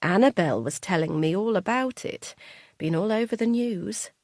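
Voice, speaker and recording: A woman's voice: mid-range voice, lively intonation, normal speed, darkish tone, no room sound, clean studio sound, close to an everyday voice. A woman voicing an elderly mother who is confused, gossipy and fond of her son. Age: older. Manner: chatty, tutting, easily muddled.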